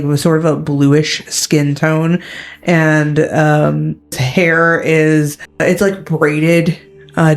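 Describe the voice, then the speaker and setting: Female game master, slow and easygoing, lots of "like" and "um", low-ish voice. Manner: relaxed, filler-heavy narration. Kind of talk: narrating a tabletop game.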